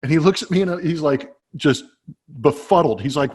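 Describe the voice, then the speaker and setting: A former ball player co-hosting a casual chat show over a webcam call, telling stories in an animated way with frequent laughs. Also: male voice, fairly high pitch, moderate pace, husky. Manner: animated storyteller who laughs as he talks. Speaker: podcast co-host, former baseball player. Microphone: webcam setup.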